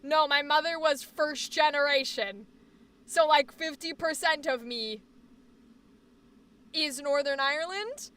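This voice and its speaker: American woman streamer, high bright voice, rambling casual chat with lots of swearing. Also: takes it slowly, pauses often. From United States. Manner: chatty, rambling, swears freely. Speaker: live streamer.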